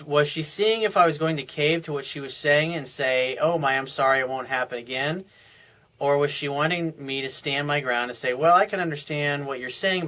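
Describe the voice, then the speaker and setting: A man's voice: mid-range voice, pushed and bright, rough recording. A man giving casual, blunt dating advice as a coach, answering a viewer's email in a conversational monologue.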